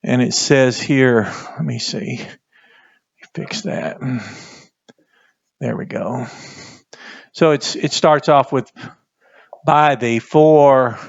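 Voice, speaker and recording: A man teaching a Bible language class, speaking haltingly and repeating words as he writes on a board. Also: mid-range voice, vocal fry, no echo, lo-fi sound. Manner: slow, halting, repeats words while writing. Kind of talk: classroom lesson at a whiteboard.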